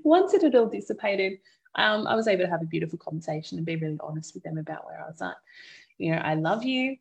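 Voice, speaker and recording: A woman hosting a podcast, candidly recounting a hard parenting moment and offering gentle advice to listeners. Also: on the low side, fast talker, vocal fry, husky, muffled recording. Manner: open, reflective storytelling with frequent laughter. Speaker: podcast host and mother. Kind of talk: candid personal podcast talk.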